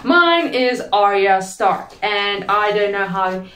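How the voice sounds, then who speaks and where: A woman's voice: medium pitch, animated, slow, bright, forceful tone, slight background noise. A woman hosting a casual chat, talking in a playful, chatty way and often checking in with "okay?". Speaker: host. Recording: echoey room.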